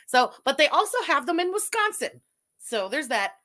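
A woman's voice: high voice, very animated, moderate pace, bright, forceful tone. A woman from Canada giving profane, sarcastic commentary while reacting to a video. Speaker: commentary streamer.

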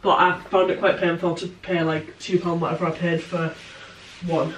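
A woman's voice: on the low side, level tone, moderate pace, a little hiss or hum. A young woman chatting casually in her home kitchen, teasing and laughing often as she talks to her partner. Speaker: vlogger. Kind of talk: casual chat. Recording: echoey kitchen from a distance.

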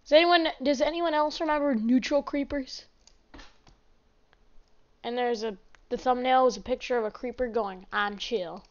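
Speaking at normal speed with long pauses, this woman runs a gaming channel and chats excitably over casual gameplay, with abrupt exclamations. Her voice is high and bright, though the dull, lo-fi sound suggests a cheap home microphone.

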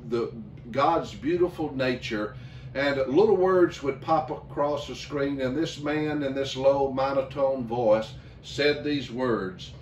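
A male pastor leading a communion service, talking slowly with many fillers and restarts. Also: medium pitch, a little mellow, lo-fi sound, slight background noise. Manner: slow, halting, with many fillers. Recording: echoey room, mic at a distance.

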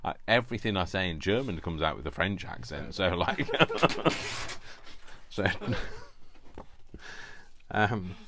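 A man's voice: deep voice, big pitch swings, slow pace, long pauses, noisy background. A man hosting a crafting video, chatting casually at his table in a rambling, self-mocking way and laughing often. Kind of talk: casual chat while crafting.

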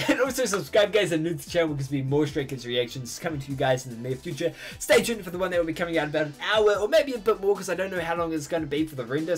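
Male reaction vlogger, slightly high, very animated pitch, excitable and gushing. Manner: excitable, gushing, laughs often. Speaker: YouTuber reacting to a show. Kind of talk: casual reaction commentary.

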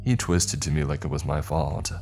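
A man narrating a horror story in a measured, ominous way. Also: a bass voice, fairly even intonation, darkish tone, soft background music.

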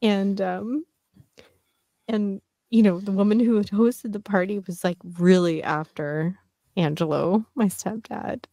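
A woman's voice: mid-range voice, a little slow, dark tone, dry recording. A woman co-hosting a casual chat, rambling through a family story and acting out the people in it. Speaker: podcast co-host.

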